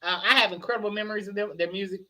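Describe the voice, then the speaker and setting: Bright-voiced, animated storytelling man. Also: high-pitched, racing. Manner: animated storyteller, laughs a lot, hoarse shouts when excited. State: a little tipsy. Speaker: guest. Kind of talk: casual chat.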